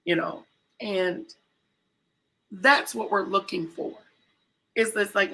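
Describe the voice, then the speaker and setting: Raspy, bright-voiced woman telling a story. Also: mid-range voice, takes it slowly, long pauses, low-quality recording. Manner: animated storyteller acting out quoted voices. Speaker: co-host. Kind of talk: casual storytelling chat.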